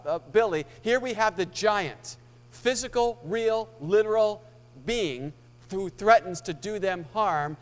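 A man preaching a sermon and telling a story, swelling louder on key points and dropping soft and low for tense moments. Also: clean tone. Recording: hall reverb with mains hum.

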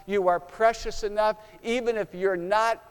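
A man's voice: sits high, steady tone, moderate pace, smooth. A man preaching a sermon, telling a story dramatically and acting out its scenes. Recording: long hall reverb.

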